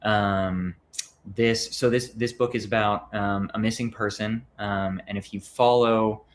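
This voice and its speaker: A man's voice: fairly low pitch, fairly even intonation, a little slow, a little hiss or hum. A man being interviewed as a comic book writer, talking casually and hesitantly with many ums and restarts.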